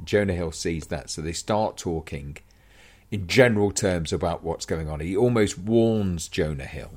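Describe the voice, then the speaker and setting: A man's voice: low-pitched, normal speed. A man in a casual film chat, jokey and riffing on scenes. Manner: animated and jokey, riffs on scenes.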